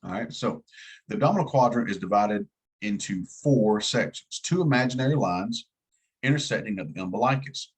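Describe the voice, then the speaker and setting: A man's voice: fairly low pitch, lively intonation, normal speed, slightly rough, rough recording. A man with a slight Southern US twang teaching an EMT class in a casual, folksy way, asking his students to follow along. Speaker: EMT instructor.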